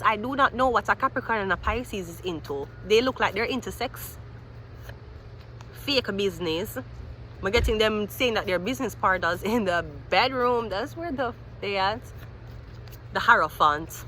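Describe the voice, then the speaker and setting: Woman, tarot reader, bright edge, talks it through out loud. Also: medium pitch, moderate pace, a little hiss or hum. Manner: animated, rambling, thinking aloud. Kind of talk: tarot reading monologue.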